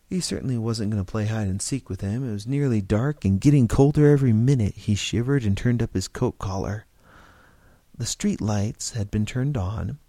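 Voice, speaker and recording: Man with a warm, gravelly reading voice. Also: mid-range voice, dry recording. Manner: steady, expressive narration with small slips. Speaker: story reader. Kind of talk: reading a story aloud.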